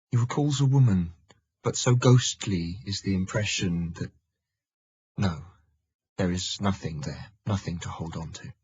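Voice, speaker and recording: A man narrating a historical audiobook in a measured, steady manner. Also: low voice, breathy edge, dry recording, dull audio. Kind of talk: scripted narration.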